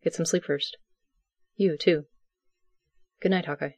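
A reader voicing a steady, quiet male fisherman captain in a calm, softly spoken way. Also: mid-range voice, unhurried, no echo, natural voice. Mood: warm, content. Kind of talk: audiobook character voice.

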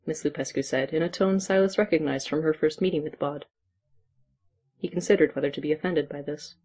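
A narrator reading a story aloud in a steady, even way. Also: mid-range voice, fairly quick.

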